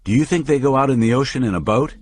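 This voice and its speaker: A man reading the part of a calm, patient manager who explains ideas to a younger man with lively emphasis. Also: medium pitch, fast talker, voice pushed up, close to an everyday voice. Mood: patiently explaining. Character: calm middle-aged male manager, patient teacher.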